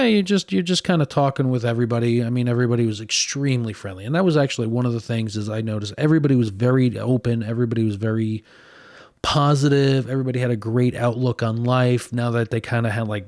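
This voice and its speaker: A man's voice: mid-range voice, a little mellow, no echo, studio quality. A man from northern New Jersey, a podcast host telling a story in a casual, chatty way full of fillers and raised mimicking voices.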